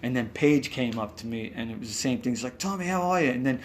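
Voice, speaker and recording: A man's voice: mid-range voice, steady tone, fast, slight background noise. A man with a New York accent tells rambling backstage stories in a casual interview, acting out quotes and swearing now and then. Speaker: musician guest. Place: hotel room.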